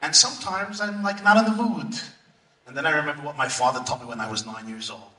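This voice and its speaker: A man preaching as a rabbi, telling stories with sudden shouts and hushed asides. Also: a little high, fast. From United States. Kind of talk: sermon. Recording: echoey room, far from mic.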